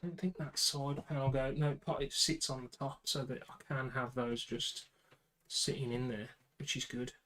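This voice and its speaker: A man's voice: mid-range voice, little pitch movement, moderate pace, a bit bright, poor audio. A man with a British accent chatting casually to himself and the camera while building a computer, with muttered asides. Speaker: PC builder vlogger.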